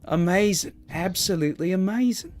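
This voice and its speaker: A man voicing a wildly excited young woman fan in a game, gushing and squealing. Faint music plays underneath. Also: high voice, normal speed, a little hiss or hum, voice pushed up.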